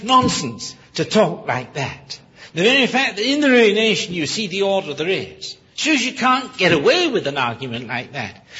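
A man preaching a sermon, emphatic and full of rhetorical questions, often pausing to correct himself with apologies. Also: high-pitched, sharp tone, breathy edge. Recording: dull lo-fi recording.

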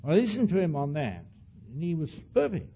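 An older man with an accent of his own, telling a story to an audience as an animated lecture with frequent asides. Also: fairly high pitch, brisk, breathy edge, muffled recording. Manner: says he speaks with an accent. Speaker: speaker addressing an audience. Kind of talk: anecdotal lecture.

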